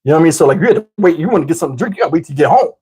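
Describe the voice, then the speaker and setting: Husky, profane man from New Jersey. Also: on the high side, racing. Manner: animated, profane, addresses listeners as y'all. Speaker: storyteller. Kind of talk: casual comic storytelling.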